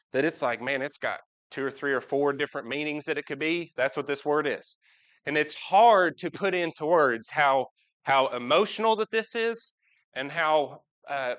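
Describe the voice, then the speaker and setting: Captured in a dull, lo-fi live recording in a church sanctuary, a man with a slightly high, somewhat bright voice gives an informal sermon. He talks with the congregation and asks them questions.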